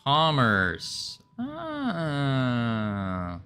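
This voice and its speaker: Guy streaming his coding, slow and easy talker, bright voice, bit of music playing behind. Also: mid-range voice, wildly swooping pitch, smooth. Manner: chatty, talks to viewers, playful asides. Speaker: game developer streaming. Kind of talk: casual live-stream chat while coding.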